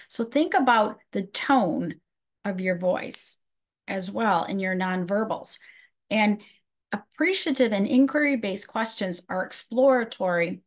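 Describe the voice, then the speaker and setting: A woman's voice: medium pitch, a little slow. A middle-aged woman presenting a live webinar, answering audience questions from the chat in a conversational way.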